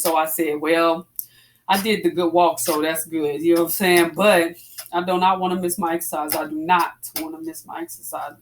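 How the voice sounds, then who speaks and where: Slight background noise sits behind a woman with a fairly low-pitched voice. She's a fitness vlogger in her forties, casually chatting with viewers she calls "y'all" while exercising, slightly breathless, with breathy exclamations between moves.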